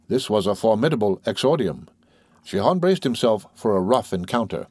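A man's voice: fairly low pitch, expressive, normal speed, a little mellow, no echo, clean studio sound. Man narrating a classic novel. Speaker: audiobook reader.

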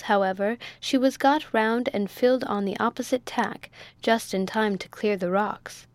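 A woman narrating a classic sea novel as an audiobook, in a steady, clear reading. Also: fairly high pitch, no echo. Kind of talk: scripted narration.

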